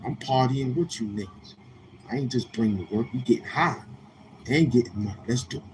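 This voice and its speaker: A Queens-born livestream host with a New York accent talks to viewers casually but in a brash, profane, confrontational way. His medium-pitched voice is brisk and a little mellow, with a slight hiss or hum.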